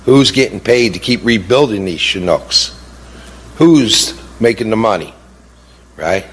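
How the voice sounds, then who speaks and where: Speaking as a grieving father, a middle-aged man tells his own story with indignation and passion, leaning on repetition, rhetorical questions and frequent "you know." His husky, fairly low voice is animated but a little slow. Long hall reverb surrounds the emotional account.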